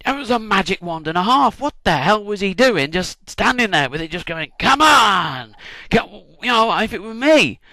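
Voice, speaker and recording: A man tells a comic story in a bright, forward voice, his pitch leaping all over as he jokes and swears his way through. The sound is dry and close, with no room around him. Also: expressive, brisk, hardly any pauses, no echo. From United Kingdom. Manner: irreverent, swearing, acts out shouted cheers. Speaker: vlogger.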